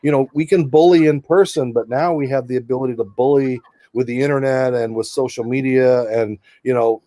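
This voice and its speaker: A man's voice: medium pitch, fairly even intonation, fairly quick, mellow, no echo. A middle-aged man, a sports reporter guest, telling rambling stories in a casual interview. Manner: chatty, rambling, many asides.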